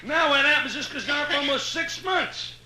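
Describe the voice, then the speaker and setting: A man from Brooklyn, New York, with a Brooklyn accent and an extremely high-pitched voice, does live stand-up at moderate pace in a hotel nightclub. His jokes come brash and chatty, full of "you know" and "right?" The audience's echoey live room was captured on old vinyl, with heavy background noise.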